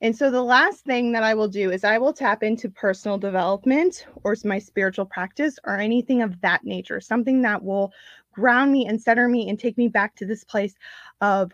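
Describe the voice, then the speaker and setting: A woman's voice: mid-range voice, fairly quick, no echo, highs cut off. A woman in a casual live video, talking to her viewers with encouraging, chatty restarts and lots of "like". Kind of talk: casual Facebook live talk.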